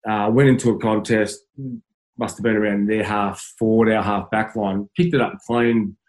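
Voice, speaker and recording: Australian man, low voice, halting storyteller. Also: flat delivery, darkish tone, low-quality recording. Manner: halting, many restarts, laughs while telling stories. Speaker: former footballer, guest. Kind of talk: casual storytelling interview.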